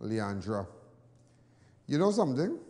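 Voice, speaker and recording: A Trinidadian man hosting a news show, telling personal stories in casual commentary, animated and then low and soft when sad. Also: measured pace, long reverb tail. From Trinidad and Tobago.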